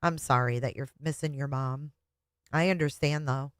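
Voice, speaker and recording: A woman's voice: low voice, fairly even intonation, moderate pace, no room sound, clean studio sound. A middle-aged woman hosting a live stream, reading chat comments and talking bluntly, with plenty of swearing. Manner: blunt and profane, chatty.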